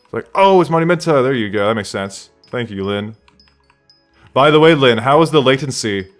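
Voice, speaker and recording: A man's voice: mid-range voice, lively intonation, normal speed, soft background music. A man streaming a game live from his room at home, rambling casually and answering chat questions aloud.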